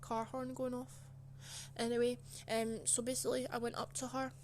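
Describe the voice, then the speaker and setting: A woman's voice: on the high side, flat delivery, normal speed, slight background noise. A young woman telling a casual personal story, chatty and indignant, full of filler words. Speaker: channel host.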